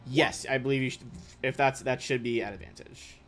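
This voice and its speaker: A man's voice: medium pitch, fairly quick. Young guy dm running a game, chill chatty, swears a bit, some music in the back. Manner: relaxed, chatty, swears casually. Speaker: game master. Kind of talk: running a tabletop game live.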